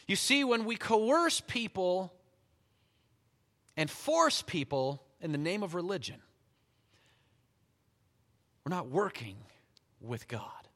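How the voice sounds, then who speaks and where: A man's voice: high voice, slow, long pauses. Man preaching in a reverberant hall. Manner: animated storytelling, reads scripture aloud, chuckles often. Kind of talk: sermon.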